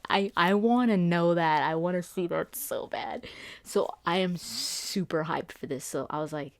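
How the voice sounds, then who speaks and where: A woman with a fairly low voice talks through a game trailer in a casual, excitable ramble. She restarts her sentences often as her thoughts run ahead of her. The sound is dry and close, with little room around it. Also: dry recording. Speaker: gaming YouTuber doing Let's Plays.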